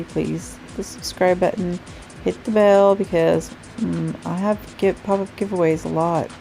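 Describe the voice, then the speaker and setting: Sleepy-sounding woman with a gravelly voice. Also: fairly low pitch, mellow, poor audio. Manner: chatty, rambling, self-correcting. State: sleepy, yawning. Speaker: nail art vlogger. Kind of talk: casual chat to camera. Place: home craft room.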